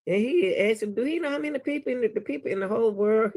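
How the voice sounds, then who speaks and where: A man's voice: extremely high pitch, fast, a little mellow. A man with a Southern US accent, hosting a reaction video and talking casually to his viewers, laughing and exclaiming in disbelief.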